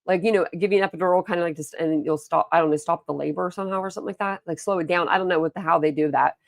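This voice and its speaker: Young woman, livestream host: low, gravelly voice, rambling chatty storyteller, dry close sound. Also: steady tone, very fast, dry recording. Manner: rambling storytelling, chatty, reads and answers chat. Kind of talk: casual livestream chat.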